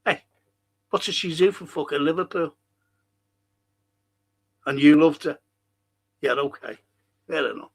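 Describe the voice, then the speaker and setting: A slightly high, gravelly male voice, unhurried and full of pauses. He hosts a livestream podcast, reading chat comments aloud and launching into a heated, profane rant packed with swearing and rhetorical questions.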